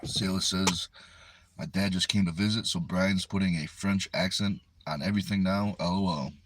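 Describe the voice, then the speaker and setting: Deep-voiced man chatting on a car livestream. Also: fairly even intonation, moderate pace, a bit bright, a little hiss or hum. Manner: easygoing, chatty, reads comments aloud and answers them. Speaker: livestream host. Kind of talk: casual live chat reading viewer comments. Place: inside a parked car. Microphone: phone resting on the steering wheel.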